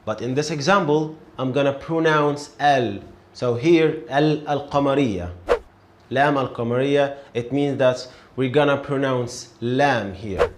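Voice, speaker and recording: Slow, patient man teaching in an echoey room. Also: mid-range voice, background noise. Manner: slow, patient, repeats words and syllables for learners. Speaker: Arabic teacher. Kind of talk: beginner language lesson.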